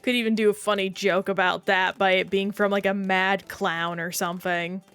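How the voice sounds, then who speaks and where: A woman's voice: mid-range voice, level tone, normal speed, fairly bright tone, smooth, soft background music. A woman streaming a game, chatting casually and rambling while reacting to play and chat.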